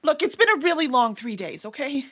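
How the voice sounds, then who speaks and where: A woman's voice: high voice, sing-song, brisk, a bit bright, voice pushed up. A woman voicing a tired, defensive middle-aged mother, on lo-fi stream audio. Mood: weary.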